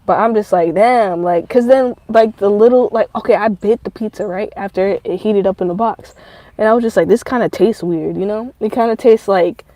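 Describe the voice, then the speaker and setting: A woman rambles through a profane, animated story in a casual vlog. Her voice is warm and mellow, and the recording is dry and close. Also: mid-range voice, a little fast, dry recording, low-quality recording. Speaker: vlogger.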